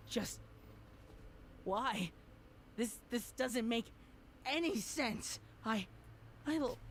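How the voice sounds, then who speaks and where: A woman narrating an audio drama as a young pony mare overcome by guilt, speaking in a halting, stammering way. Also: a little high, a little hiss or hum.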